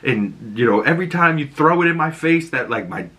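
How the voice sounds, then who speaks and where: A man's voice: expressive, fairly quick, sharp tone. A man voicing a defiant, fed-up teenage girl who snaps at people in a raised voice. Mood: hurt. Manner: raised pitch, snapping.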